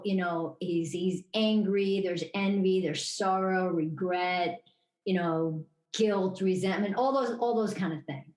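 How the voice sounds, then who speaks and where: A woman's voice: medium pitch, a little mellow. A woman co-hosting a podcast in casual chat, telling stories in a rambling way with many restarts. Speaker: podcast co-host. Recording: roomy echo.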